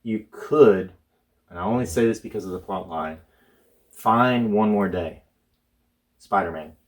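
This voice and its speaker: Deep-voiced man co-hosting, joking. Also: a little slow. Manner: joking, apologetic asides. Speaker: co-host. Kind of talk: casual chat.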